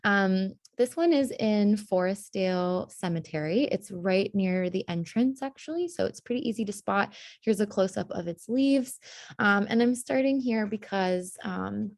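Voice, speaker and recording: A woman's voice: mid-range voice, a little slow, creaky, a little mellow, dry recording, studio quality. A young woman, a tree historian, presenting casually on a video call, chatty and full of fillers and small laughs. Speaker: tree historian giving a talk.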